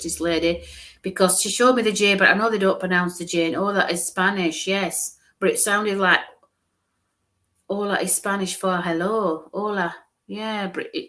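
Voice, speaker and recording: A woman's voice: mid-range voice, a bit bright. A woman medium giving a live-streamed psychic reading, musing aloud, hesitant, repeating sounds and letters.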